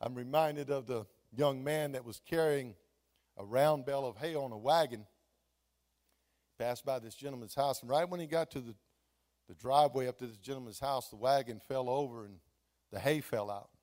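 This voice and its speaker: A man's voice: mid-range voice, normal speed. A man, a pastor preaching a sermon with playful, humorous storytelling. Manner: animated, playful, laughs at own jokes.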